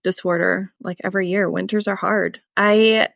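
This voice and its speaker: A woman's voice: mid-range voice, steady tone, normal speed, vocal fry, fairly bright tone, no room sound. Frank, dry-sounding farm woman chatting. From Indiana. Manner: candid, frank, laughs easily. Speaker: podcast co-host, farmer. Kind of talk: casual podcast chat.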